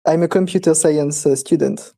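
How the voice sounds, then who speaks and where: A young man, a student, speaking as a podcast guest with many hesitant fillers and soft laughs. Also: on the high side, fairly even intonation, normal speed, gravelly, a crowd in the background. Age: young adult. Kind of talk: casual podcast chat.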